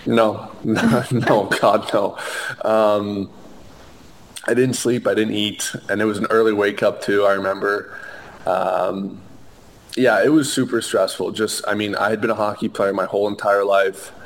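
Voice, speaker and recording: Young male interview guest, low and even delivery, earnest, lots of "um" and restarts. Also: measured pace. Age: young adult. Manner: earnest, many fillers and restarts. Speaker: interview guest, hockey player. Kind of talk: conversational interview.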